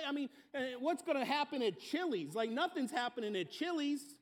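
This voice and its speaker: A man's voice: extremely high pitch, expressive, fairly quick, hardly any pauses. A man preaching a sermon, telling everyday stories and acting out the people in them. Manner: storytelling, acting out everyday scenes. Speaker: pastor.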